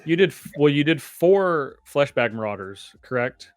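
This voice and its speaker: A man's voice: a little high, expressive, normal speed, dry recording, soft background music. A man explaining his card game plays on a video call, teasing the others with dry, playful remarks. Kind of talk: casual game-play chat.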